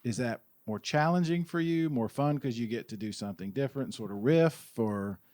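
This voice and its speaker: A man's voice: medium pitch, normal speed, darkish tone, no echo. A man interviewing a guest, asking rambling, searching questions. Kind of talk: casual interview.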